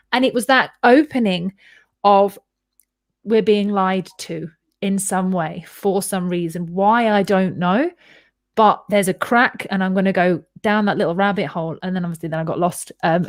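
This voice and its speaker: A woman shares a personal story on her podcast in a loose, animated way, dropping into the voices of the people she quotes. Her voice sits in a middle pitch. The recording is close and dry, with no room sound. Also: moderate pace, no room sound. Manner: animated and candid, swears freely, acts out quoted voices. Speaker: podcast host. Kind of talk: casual storytelling chat.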